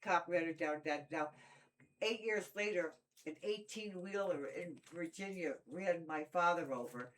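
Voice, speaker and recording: A woman's voice: lowish voice, moderate pace, a little hiss or hum, poor audio. An older woman in casual conversation, telling long personal stories, acting out quoted voices and talking often about God. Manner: storytelling with acted-out quotes, preachy about God. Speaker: stepmother in family talk.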